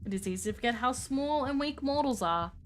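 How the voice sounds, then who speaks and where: A woman's voice: high-pitched, fairly quick, slight background noise. A woman voicing a haughty ancient vampire recluse. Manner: haughty and archaic, calmly menacing. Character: lonely ancient female vampire hermit, morbid.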